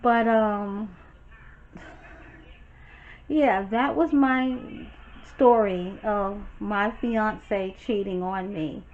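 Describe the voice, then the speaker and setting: A young woman from Brooklyn with a New York accent, telling a storytime in a blunt, sassy, animated way. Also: mid-range voice, extremely slow, long pauses. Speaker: storytime vlogger. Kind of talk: casual storytime chat. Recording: dull lo-fi sound, faint noise.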